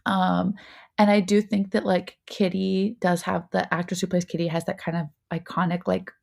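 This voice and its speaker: A woman's voice: on the low side, little pitch movement, moderate pace, gravelly. A young woman co-hosting a podcast, reviewing a TV show in casual chat, full of "like" fillers. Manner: chatty, lots of "like" fillers. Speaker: podcast co-host.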